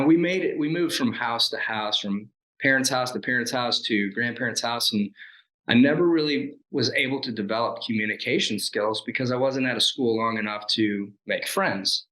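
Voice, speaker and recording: A former Navy SEAL in his forties, appearing as an interview guest, tells his life story in a mid-range voice on a reverberant, low-quality recording. He's an animated storyteller who acts out the lines people said to him and laughs at himself.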